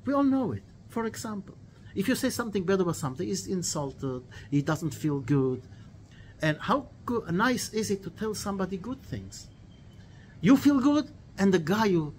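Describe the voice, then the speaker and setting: A man teaching a weekly religious lesson, telling stories in an animated way with quoted dialogue, earnest, and repeating key phrases. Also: a little high, a little hiss or hum. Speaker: Torah teacher.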